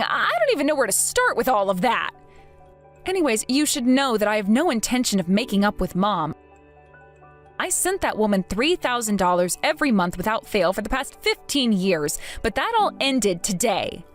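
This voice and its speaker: A woman's voice: a little high, sing-song, normal speed, soft background music. A woman as a blunt, fed-up grown daughter. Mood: stunned. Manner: blunt, cold, firm. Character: fed-up grown daughter cutting off her family. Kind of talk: text-story voice acting.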